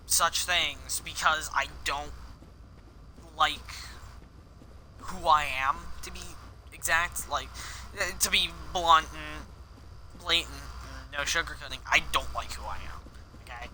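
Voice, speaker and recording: A man's voice: a little high, slow, pauses often, bright, forceful tone, a little hiss or hum, rough recording. A man streaming a video game, rambling candidly and swearing often while he plays. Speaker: gaming streamer. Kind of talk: live game commentary with personal confession.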